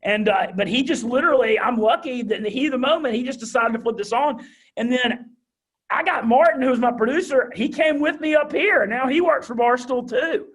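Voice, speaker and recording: A young man with a thick Southern drawl, telling his story as an interview guest in a high-energy, animated way. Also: brisk. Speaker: guest, radio host.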